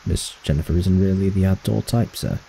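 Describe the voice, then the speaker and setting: A man voicing a deferential old male gardener with a bad back, speaking in a gruff, servant-like way. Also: deep voice, brisk, dark tone, slight background noise, low-quality recording. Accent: attempted British accent.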